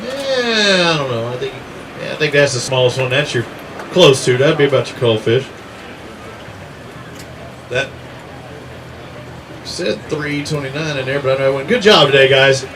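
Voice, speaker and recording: A man's voice: mid-range voice, expressive, normal speed, pauses often, background noise. A man, emceeing an outdoor fishing tournament weigh-in, teasing anglers as he calls out names and weights. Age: 60s. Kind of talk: live event emceeing with banter. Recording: crowd chatter behind. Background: crowd.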